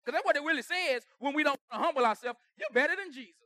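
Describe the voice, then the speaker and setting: High-voiced pastor preaching with loud bursts. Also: male voice, expressive, racing, dry recording. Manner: conversational preaching with sudden loud bursts and dropped asides. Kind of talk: sermon. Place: church sanctuary.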